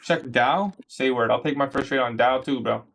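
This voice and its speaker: A young man from Canada casually chatting on a trading livestream, answering viewer questions in a relaxed, slangy way. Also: medium pitch, normal speed, creaky, a little hiss or hum. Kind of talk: casual livestream chat reading comments.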